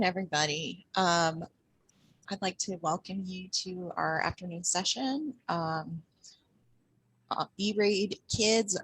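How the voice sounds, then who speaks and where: A woman's voice: mid-range voice, fairly bright tone, husky, no echo, poor audio. A woman moderating a conference session, introducing the speaker in a hesitant way with many fillers.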